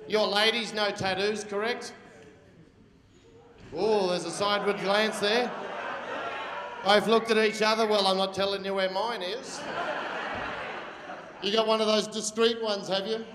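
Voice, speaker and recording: A man's voice: high-pitched, fairly even intonation, a little slow, pauses often, noisy background. A man in his forties with an Australian accent doing a crude stand-up routine, teasing the crowd. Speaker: stand-up comedian. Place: large function hall. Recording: echoey hall, loud crowd.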